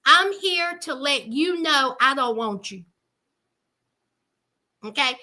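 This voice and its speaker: A woman's voice: sits high, lively intonation, slow, sharp tone, pitched below the performer's own voice, exaggerated voice. A woman doing a blunt, dismissive young man. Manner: dismissive, repeating himself.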